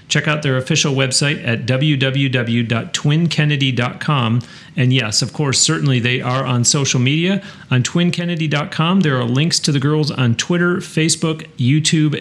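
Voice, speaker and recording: A man's voice: medium pitch, moderate pace. A man from Western New York hosting a podcast interview, chatty and rambling, with frequent restarts. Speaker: podcast host. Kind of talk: casual interview and show announcements.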